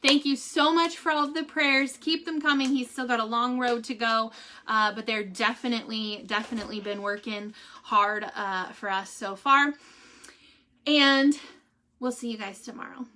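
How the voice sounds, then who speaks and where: A woman's voice: a little high, steady tone, moderate pace, bright, forceful tone, slight background noise. A young woman chatting casually to her viewers and reading a devotional aloud, with lots of fillers and restarts. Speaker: vlogger giving a family update.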